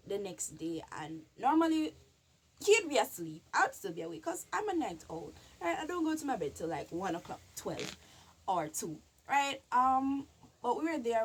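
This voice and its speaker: Woman telling a painful story haltingly. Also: mid-range voice, slight background noise. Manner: halting and repetitive, emotional retelling. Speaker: vlogger. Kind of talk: personal storytime vlog.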